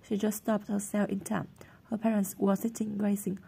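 A woman narrating a storybook chapter in a plain, steady reading voice. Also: mid-range voice, moderate pace, vocal fry, a little hiss or hum.

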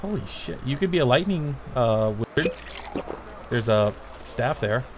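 A man's voice: mid-range voice, animated, unhurried. Laid-back man chatting over gameplay. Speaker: gaming channel host. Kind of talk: casual co-op gameplay chat. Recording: noisy home game recording.

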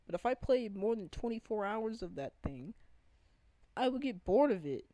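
A woman's voice: medium pitch, expressive, normal speed, noisy background. A woman in an unscripted gaming rant, earnest and pleading, often stopping to restart her sentences. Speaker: gaming vlogger.

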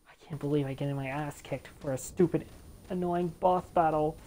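A woman doing let's play commentary, frustrated, cursing and shouting at the game. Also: deep voice, fairly even intonation, moderate pace. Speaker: gamer. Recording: noisy background ambience.

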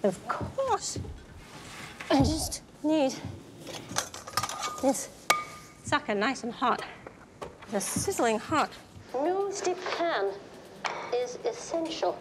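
A woman's voice: high voice, big pitch swings, drawn-out words, long pauses, background noise, exaggerated voice. An actress playing an exuberant 1960s television cook in her fifties, theatrical and warbling, sprinkling in French phrases. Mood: chipper. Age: 50s. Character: cheerful tall female TV cook, 50s, exuberant. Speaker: cooking show guest. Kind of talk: 1960s television drama acting.

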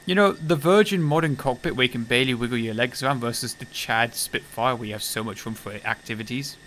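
A man's voice: mid-range voice, fast talker, fairly bright tone, slight background noise. Joking, irreverent male game streamer. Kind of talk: casual gameplay commentary.

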